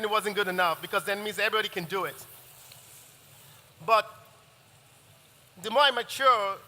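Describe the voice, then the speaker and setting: A man's voice: high-pitched, pushed and bright. A man chef giving a live cooking masterclass, chatty and rambling, often restarting his sentences. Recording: long reverb of a large hall.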